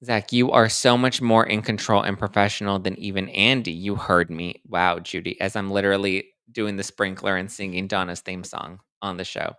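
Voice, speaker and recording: A man in his thirties hosting a casual livestream, chatting quickly and reading viewer comments aloud. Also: sits low, smooth, dry recording, studio quality. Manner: chatty, animated, reads live chat aloud. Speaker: host.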